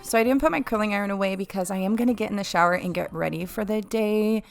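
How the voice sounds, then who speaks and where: A woman's voice: medium pitch, quick pace, vocal fry, over loud music. A woman chatting in a casual voice-over about her cleaning routine, rambling with asides and short of breath. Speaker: cleaning vlogger.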